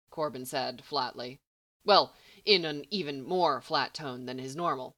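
A woman narrating a story in a steady, even reading voice. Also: rumbling low, measured pace, slight background noise. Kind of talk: audiobook fiction reading.

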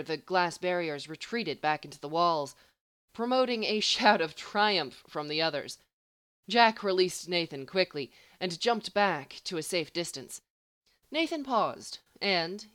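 A woman's voice: on the low side, fairly bright tone, no room sound. A woman narrating a story aloud, reading expressively. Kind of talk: audiobook-style story reading.

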